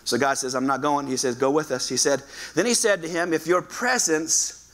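A male pastor preaching a lively sermon, acting out voices and calling on the congregation to respond. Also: a little high, normal speed. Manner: animated, acts out quoted voices, asks the congregation to respond. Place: church sanctuary.

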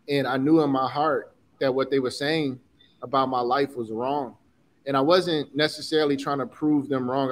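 A man in his forties from Chicago, telling personal stories in an interview with earnest feeling and casual slang. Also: medium pitch. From Chicago, USA. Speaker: guest, designer and entrepreneur. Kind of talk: candid interview talk.

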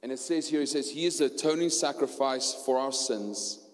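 A man with a South African accent preaching a sermon and telling his story, going from hushed tones to loud preaching. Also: mid-range voice, normal speed. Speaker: pastor. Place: church hall. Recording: long hall reverb.

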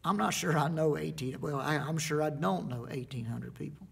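Folksy preacher man with a gravelly voice. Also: a little high. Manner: folksy storytelling with slow, emphatic pauses. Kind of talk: sermon.

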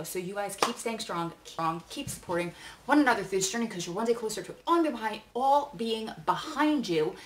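A woman's voice: on the low side, distant mic, a little hiss or hum. A woman in her forties hosting a casual try-on vlog, talking in a chatty, candid, rambling way with lots of fillers. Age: 40s. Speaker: vlog host. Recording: roomy echo.

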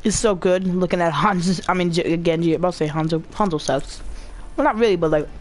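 A woman giving casual, rambling commentary while playing a video game, chatty and quick to get excited. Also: fairly low pitch. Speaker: gamer.

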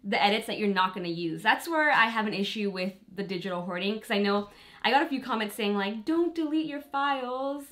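A woman's voice: mid-range voice, fairly bright tone. A woman beauty vlogger chatting casually and candidly to her viewers while she applies makeup. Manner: chatty and candid, with small laughs and fillers; talks to viewers directly while applying makeup. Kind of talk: casual get-ready-with-me chat.

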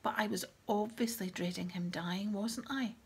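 A woman reading as a tearful, melodramatic teenage girl, high and sobbing. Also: fairly even intonation, normal speed, a little mellow, breathy edge. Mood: tragic. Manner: tragic, sobbing delivery.

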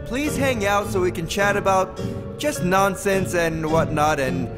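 A man's voice: high voice, unhurried, music in the background. A man voicing a lonely, overeager dungeon dweller in a video game, gushing and rambling with stammers.

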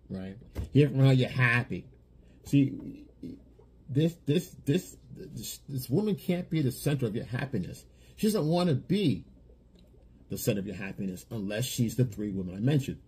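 A man's voice: mid-range voice, dark tone, husky. A man giving blunt dating advice in a lecturing monologue, often repeating himself. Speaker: dating coach.

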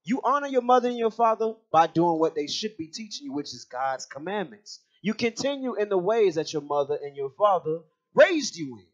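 A man's voice: high voice, sing-song, fairly quick, hardly any pauses, dull audio. A man teaching scripture on a religious radio talk show, emphatic and preachy, directing a reader to read on. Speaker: teacher leading scripture study.

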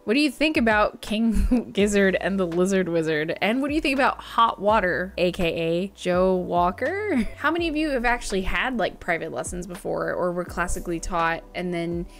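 A woman's voice: on the low side, animated, normal speed. Upbeat woman flute teacher chatting. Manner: upbeat, chatty, wraps up with viewer call-outs. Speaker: flute teacher and reaction channel host. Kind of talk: casual reaction-video commentary.

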